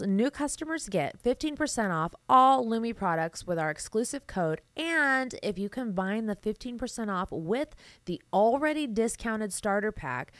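A woman's voice: medium pitch, dry recording. A young woman hosting a podcast, chatting casually, swearing a lot and laughing often, and reading ads. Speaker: podcast host. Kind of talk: casual podcast chat and read ad.

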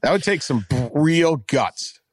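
With a husky, fairly high voice and a measured pace, this man co-hosts a relaxed sports talk show and hails from West Virginia. He rambles with animation and often corrects himself, recorded studio-clean with no room sound.

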